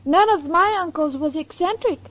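Ditzy high-voiced Irma. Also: female voice, normal speed. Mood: dreamy. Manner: naive, literal-minded, breathy delivery. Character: scatterbrained sweet young woman, Irma. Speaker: comic lead. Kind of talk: 1940s radio acting. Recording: lo-fi noisy old radio recording.

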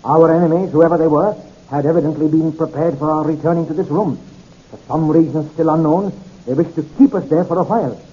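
A man reading a first-person mystery story in a measured, dramatic way. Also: on the high side, dark tone, husky. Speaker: narrator. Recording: dull lo-fi recording.

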